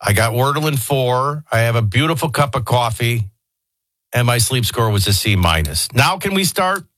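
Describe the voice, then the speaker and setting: A man's voice: medium pitch, lively intonation, moderate pace, a bit bright, no room sound. A man hosting a radio morning show, talking in a jokey, sarcastic way. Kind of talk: casual radio talk.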